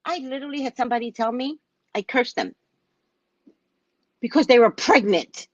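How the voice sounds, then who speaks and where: A woman with a West Indian accent, a psychic hosting her own show, telling stories about her clients in a casual, animated way and acting out their voices. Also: normal speed, long pauses, no echo, highs cut off. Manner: animated, acts out clients in loud high voices. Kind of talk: casual storytelling monologue.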